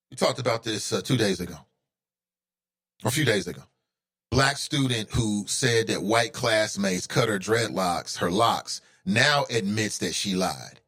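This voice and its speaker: A man's voice: lowish voice, animated, normal speed, pauses often, a bit bright. A man hosting his own talk show, giving heated, opinionated commentary that climbs into indignant outbursts.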